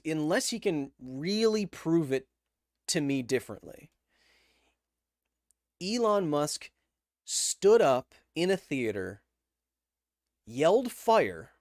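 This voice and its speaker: Guy hosting a live stream, fired up and opinionated, dry close mic. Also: dry recording. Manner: animated and opinionated, with emphatic swings in pitch and volume. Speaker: livestream podcast host reading viewer questions. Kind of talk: casual live-stream chat.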